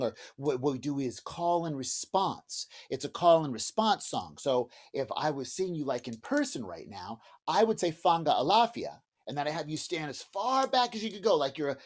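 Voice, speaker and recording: A man teaching a music lesson to preschoolers, speaking cheerfully and directly to young children, with singing and drumming between explanations. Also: on the high side. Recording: home video with drum and banjo music.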